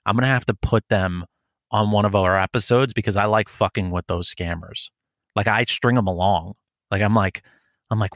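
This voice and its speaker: A man co-hosting a podcast in casual chat, telling animated stories, acting out phone calls and swearing freely. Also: lowish voice, fairly quick, no room sound, studio quality. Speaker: podcast co-host.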